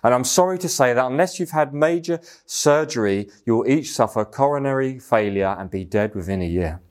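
A man voicing a blunt male doctor delivering hard news in a measured, grave way. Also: mid-range voice, animated, a little mellow, close to an everyday voice.

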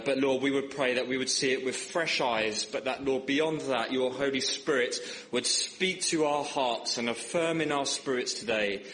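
A young man preaching a sermon in church, joking and telling stories, his voice rising for emphasis. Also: a bit bright. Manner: humorous, storytelling, rises in pitch for emphasis. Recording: echoey church hall with faint background noise.

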